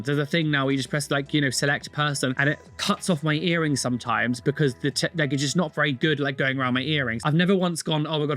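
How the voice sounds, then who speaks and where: A woman's voice: low voice, dry recording. A British woman hosting a reaction video, bluntly mocking bad tattoos with exaggerated disgust. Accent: British English. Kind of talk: casual reaction commentary.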